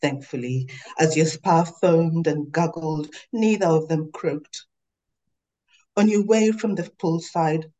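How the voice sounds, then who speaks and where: A woman author reading aloud from her novel in a measured, literary way. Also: lowish voice, mellow, low-quality recording.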